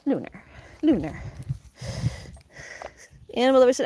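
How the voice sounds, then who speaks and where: A woman's voice: expressive, normal speed, pauses often, mellow, no echo. Chatty woman on an outdoor live stream. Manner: chatty, talks to her dog in a high baby voice. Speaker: farm vlogger reading live chat. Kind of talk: casual live-stream chat. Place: outdoors in a farm garden.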